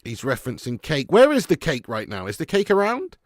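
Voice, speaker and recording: A man hosting a live match watch-along, chatting excitedly with viewers and calling them mate and lad. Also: a little high, fairly quick, no echo, clean studio sound. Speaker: fan channel host doing a live match watch-along. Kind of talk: casual live-stream commentary and chat.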